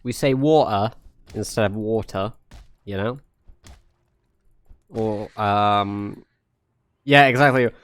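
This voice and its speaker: Slow-talking young Englishman streaming. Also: fairly low pitch, fairly bright tone, clear, resonant tone, no room sound. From England. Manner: rambling, jokey, many fillers. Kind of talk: casual live-stream chat. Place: home in Norway.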